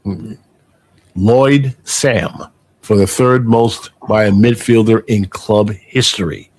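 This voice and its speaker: A man's voice: lowish voice, takes it slowly, a little mellow, breathy edge. A man hosting a casual sports podcast, rambling with many fillers and restarts as he reads out stats. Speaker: podcast host.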